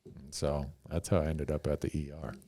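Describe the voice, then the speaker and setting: A man's voice: extremely low pitch, little pitch movement, brisk, warm tone, no room sound. A middle-aged man, a podcast host, telling a story in a laid-back, wry way. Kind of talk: casual storytelling.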